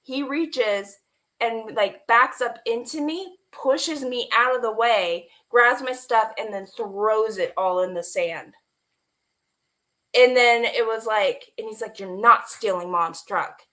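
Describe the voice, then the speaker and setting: A woman telling an emotional personal story as a guest, animated and quoting the people in it, laughing at times and close to tears. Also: on the high side, slow pace. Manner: animated retelling with quoted dialogue, laughing and near tears. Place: online stream.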